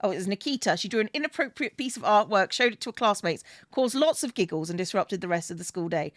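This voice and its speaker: A woman's voice: mid-range voice, animated, quick pace, no echo. A woman streaming a game, casually chatting and scolding the characters on screen. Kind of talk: casual gameplay chat.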